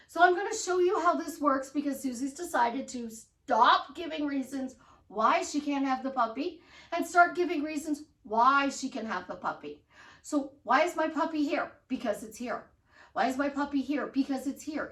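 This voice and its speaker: A woman with a high voice gives a bubbly motivational talk as a life coach. She acts out excited affirmations as she goes. Her voice sits a little back from the mic in a roomy, echoing space. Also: normal speed, distant mic.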